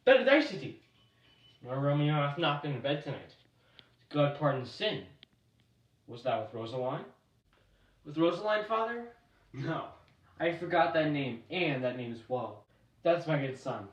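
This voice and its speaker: A man's voice: on the high side, animated, a little slow, long pauses, highs cut off. A young man, a student actor, giving earnest Shakespearean verse that swings between pleading and exclaiming. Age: young adult. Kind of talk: amateur Shakespeare scene acting. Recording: roomy echo, voice far from the mic.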